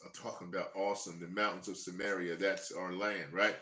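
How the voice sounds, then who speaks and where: A man leading a Bible study, reading verses slowly and breaking into lively, chuckling asides. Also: low voice. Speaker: Bible teacher. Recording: echoey room.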